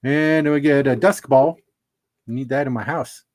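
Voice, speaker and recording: A man's voice: mid-range voice, moderate pace. A middle-aged man hosting a casual livestream, chatting and laughing at his own jokes while opening trading cards.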